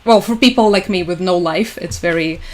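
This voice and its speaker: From home with her dog, a woman hosts a casual livestream, chatty and sarcastic and laughing often. Her voice is on the low side with a darkish tone and normal speed.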